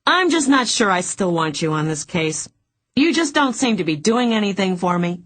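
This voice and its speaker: A woman's voice: mid-range voice, big pitch swings, moderate pace, a bit bright, voice pushed up. A woman voicing a whiny, self-absorbed middle-aged woman client who complains and huffs in an audiobook. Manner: whiny, huffy.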